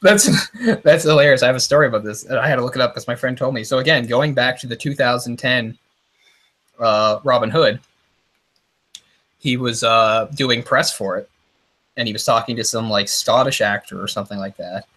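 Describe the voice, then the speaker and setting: A man's voice: medium pitch, normal speed, a bit bright. A man co-hosting a casual movie discussion, chatty and opinionated, dropping into mock voices when he retells stories. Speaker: podcast co-host.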